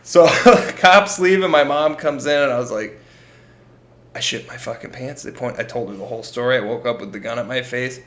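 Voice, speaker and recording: A man's voice: mid-range voice, brisk, a bit bright, reverberant. A young man co-hosting a podcast, telling a story in a casual, profane way and acting out the quotes. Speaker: podcast co-host.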